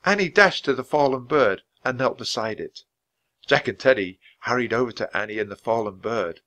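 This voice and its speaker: A man reading a children's chapter book aloud at a natural pace for language learners. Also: normal speed. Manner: reads at a natural, even speed for language learners; jumps higher and louder for the characters' lines. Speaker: storybook reader.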